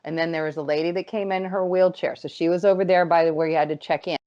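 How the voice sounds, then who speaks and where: A woman's voice: fairly low pitch, quick pace. A woman on a casual podcast, telling a story with gusto and acting out what people said, swearing freely as she goes. The sound is slightly dull and lo-fi. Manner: animated storyteller, acts out quotes, swears freely. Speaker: guest.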